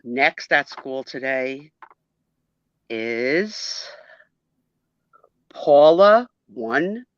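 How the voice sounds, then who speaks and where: A woman reading her own comic play aloud, animated and amused. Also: rumbling low, very slow, pauses often, no echo, highs cut off.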